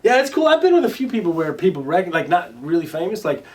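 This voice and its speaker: A man chatting as an interview guest, his voice sitting a bit high for a man and picked up from some distance off the mic. He rambles through his anecdotes, restarting sentences, filling pauses and swearing casually. When quoting others he acts their lines out loudly. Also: very animated. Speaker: interview guest, recording artist. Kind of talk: casual storytelling in conversation.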